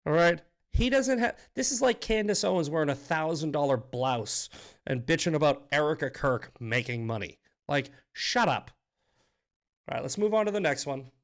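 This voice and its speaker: Man, live stream host, fired-up, profane, frequent restarts, slightly high voice. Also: animated, moderate pace. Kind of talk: live political commentary stream.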